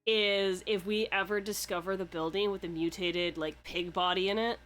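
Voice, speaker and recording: A woman's voice: medium pitch, steady tone, normal speed, fairly bright tone, soft background music. Young woman chatting loosely, full of fillers. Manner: rambling, lots of fillers, swears freely. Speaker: podcast host. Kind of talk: casual chat.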